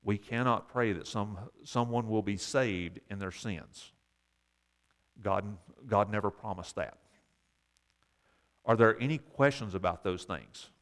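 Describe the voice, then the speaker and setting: A man's voice: fairly low pitch, measured pace, pauses often, fairly bright tone. A man leading a Bible study class, explaining verses and asking the group questions, with wry asides.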